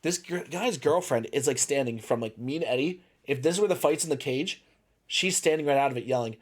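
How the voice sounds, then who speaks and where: A man co-hosting a casual podcast, talking in an animated way and laughing often as he retells a story. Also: mid-range voice, fairly quick. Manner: animated, laughing, jumps into shouted impressions.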